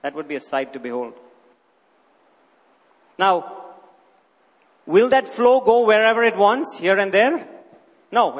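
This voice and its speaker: This is a sermon from a man whose high voice rings out across a big, echoing hall. His teaching is emphatic, full of rhetorical questions and key points said again and again.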